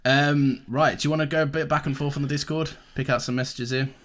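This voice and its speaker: A British man co-hosting a podcast in casual chat, chatty and quick to laugh. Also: on the high side, steady tone, fairly bright tone. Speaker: podcast co-host.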